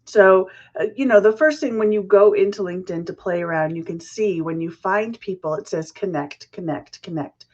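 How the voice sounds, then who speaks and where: A woman hosting a casual business chat show, chatty and friendly, her voice a little rough from the early morning. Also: mid-range voice, normal speed, a little mellow, muffled recording. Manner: chatty, laughs at own slips. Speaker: podcast host.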